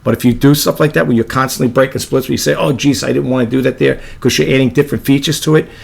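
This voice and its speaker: A man with a low monotone voice, hosting a casual video editing tutorial and rambling with apologetic asides. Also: quick pace, gravelly, breathy edge. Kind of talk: casual screen-recorded tutorial.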